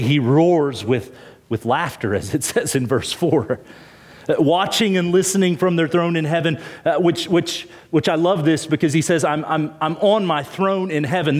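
A man delivers an expository sermon at an ordinary pitch for a man. He works through the text verse by verse, leaning on key words and repeating himself as he builds each point. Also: a little mellow. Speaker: pastor.

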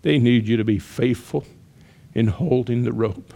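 A male preacher delivering a sermon in a middle-pitched voice. He tells a story with rising intensity, shouting out its cries, then drops to hushed, earnest appeals. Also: measured pace, vocal fry.

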